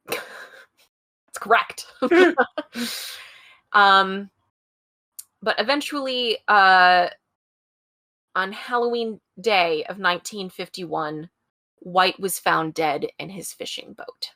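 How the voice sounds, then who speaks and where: A woman's voice: medium pitch, takes it slowly, pushed and bright, no room sound, studio quality. A woman co-hosting a true-crime podcast, telling the story casually with wry asides. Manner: chatty, wry asides with frequent laughs. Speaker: podcast co-host.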